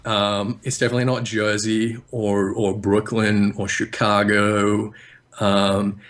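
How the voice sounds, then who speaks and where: An Australian man chatting as a podcast guest, articulating deliberately like a trained voice, with frequent restarts and fillers. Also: lowish voice, flat delivery, a bit bright. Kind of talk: casual podcast chat.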